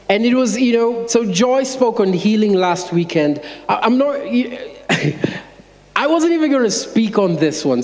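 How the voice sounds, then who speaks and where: A man, an associate pastor, preaching by telling an animated, self-mocking story to his congregation. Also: high-pitched. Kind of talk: sermon storytelling. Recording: long church-hall reverb.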